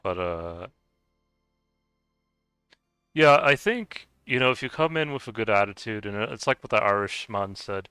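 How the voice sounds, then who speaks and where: A man's voice: on the low side, lively intonation, unhurried, pauses often, bright, forceful tone, smooth, dry recording, soft background music. A man chatting casually with viewers while gaming, rambling with lots of stammered restarts and frequent laughs. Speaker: streamer.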